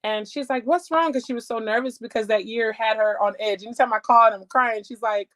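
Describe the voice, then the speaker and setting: Animated woman telling her testimony. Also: on the high side, brisk. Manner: animated storytelling, acts out quoted voices. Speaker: guest. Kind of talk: testimony in casual talk.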